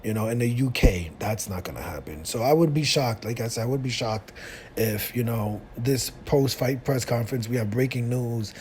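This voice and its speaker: A man's voice: medium pitch, moderate pace, a little mellow, a little hiss or hum. A man talking casually through his views as a solo commentator, rambling with lots of fillers and restarts. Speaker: YouTube commentator.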